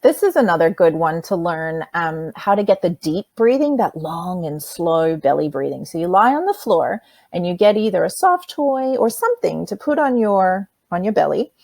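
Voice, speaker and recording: A woman with a lowish voice walks children through a workshop lesson. She is patient and plain, and talks directly to her young listeners. The sound is dry and close. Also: sing-song, normal speed, creaky, a little mellow, dry recording. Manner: demonstrates by breathing sounds. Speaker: presenter teaching children.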